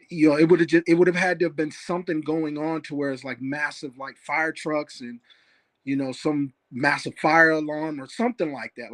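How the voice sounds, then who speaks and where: A man with a fairly high voice recounts a memory on a call, rambling, full of fillers and restarts. He talks plainly and casually. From Phoenix area. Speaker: caller sharing a sighting. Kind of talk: casual storytelling. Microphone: phone on a call.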